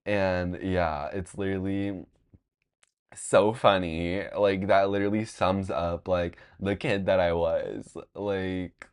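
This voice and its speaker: A young man from Long Beach, California, spins a loose, meandering personal story as host of his own show. His voice sits on the lower side, and he fills every pause with "like" and drops casual swears along the way. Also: level tone, clear, resonant tone. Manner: rambling, heavy on "like" fillers, frequent swearing. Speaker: podcast host.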